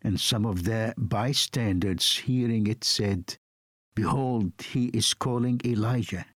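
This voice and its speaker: A man preaching a sermon, reading scripture in a solemn, measured way. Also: on the low side, no room sound, clean studio sound.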